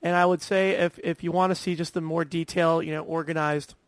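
A man's voice: fairly high pitch, flat delivery, fairly quick, no echo. A man hosting a veterinary podcast, talking casually with many restarts and fillers.

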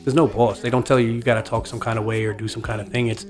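A man's voice: lowish voice, flat delivery, quick pace, soft background music. A man co-hosting a casual podcast, telling stories in a profane, joking way. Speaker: podcast co-host.

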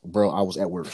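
A man in casual chat, telling profane, animated stories as a co-host. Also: lowish voice, breathy edge. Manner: animated, profane, lively storyteller.

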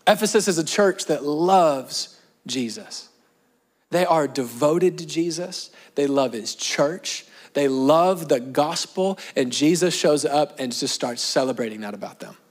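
A young adult man preaching a sermon, talking in a conversational way with emphatic repeated phrases. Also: a little high. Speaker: pastor.

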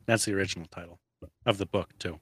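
A man's voice: low voice, fairly even intonation, fast, a bit bright, no echo. A man co-hosting a movie review podcast, chatting casually with dry teasing and frequent chuckles. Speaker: podcast co-host.

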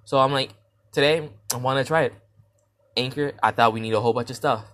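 A young man hosting his first podcast, retelling a dream in a casual, rambling way with slang and restarts. He acts out his own reactions, jumping suddenly from loud, high shouts to quiet mutters. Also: a little fast. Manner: animated retelling that acts out his own reactions with big jumps in pitch and loudness. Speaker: podcast host. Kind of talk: casual dream storytelling monologue.

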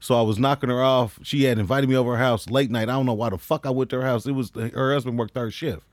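A man spinning crude, rambling stories on a casual podcast and often laughing as he goes. His voice sits at an ordinary pitch, and the close mic keeps it dry, with no room sound. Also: steady tone, quick pace, no echo. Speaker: comedian.

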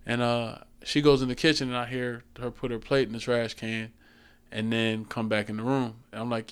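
A smooth, medium-pitched male podcast co-host in his thirties tells a story at a normal speed during casual chat. He's an animated storyteller, acting out the voices and laughing a lot.

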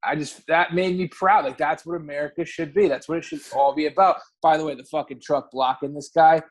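A man tells stories on a podcast in a casual, rambling way. He swears freely and corrects himself mid-sentence. His voice sits a bit high for a man. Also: fairly even intonation, brisk. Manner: rambling, profane, with self-corrections. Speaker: podcast co-host. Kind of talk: casual chat, storytelling.

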